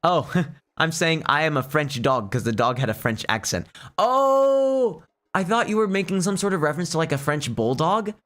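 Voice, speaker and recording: A man's voice: on the high side, big pitch swings, normal speed, fairly bright tone. A young man giving casual gameplay commentary, rambling and hesitant, often restarting his sentences. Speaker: let's play host.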